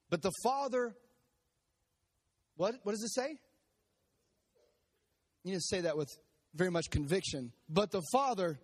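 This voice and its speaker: A man with a notably high voice preaches a sermon, retelling a story with lively energy. He keeps turning to the congregation and prompting them to repeat key phrases back to him. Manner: animated, prompts the audience to repeat lines. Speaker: pastor. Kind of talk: sermon with congregation call-and-response. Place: church service.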